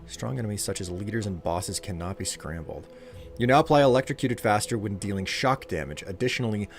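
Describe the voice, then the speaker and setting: British man streaming, musing aloud. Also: on the low side. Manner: hesitant, reads game text aloud. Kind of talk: casual gameplay commentary.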